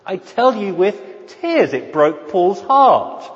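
A man preaching an expository sermon, slow and earnest, often repeating words as he searches for the next phrase. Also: high-pitched, sing-song. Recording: dull audio with long hall reverb.

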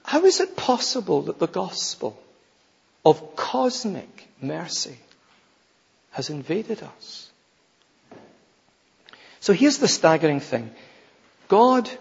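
Male pastor, unhurried sermon delivery, rough husky tone, swings from soft to loud. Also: on the high side. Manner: slow, emphatic preaching with sudden loud rises and hushed drops. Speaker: preacher. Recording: dull, lo-fi recording in a reverberant hall.

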